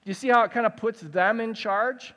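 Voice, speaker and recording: High-voiced man preaching in a reverberant hall. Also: a little fast, pushed and bright. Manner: conversational, asks the audience questions. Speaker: pastor. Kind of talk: sermon.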